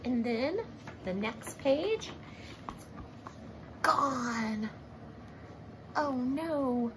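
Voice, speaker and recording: A woman reading a picture book aloud to children, expressive and asking her listeners questions. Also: high-pitched, drawn-out words, noisy background. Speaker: storybook reader.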